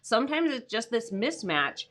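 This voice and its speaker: Bright-voiced chatty woman streaming from home. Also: a little high, sing-song, normal speed. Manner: chatty, many fillers, greets viewers by name. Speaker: freelance writing coach hosting a livestream. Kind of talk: casual livestream chat. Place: home, with her dogs nearby.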